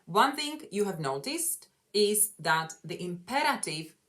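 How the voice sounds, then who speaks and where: A woman's voice: medium pitch, big pitch swings, measured pace, fairly bright tone. A woman English coach leading a grammar lesson, setting out each point and backing her co-host with frequent "mm-hmm"s.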